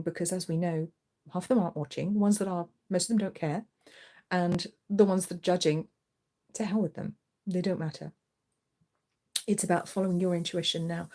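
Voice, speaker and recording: A woman's voice: fairly low pitch, dark tone. A woman hosting a live tarot reading, chatty and reassuring, encouraging listeners in a casual spoken style. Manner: coos to her cat in a playful voice. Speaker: tarot reader and channel host.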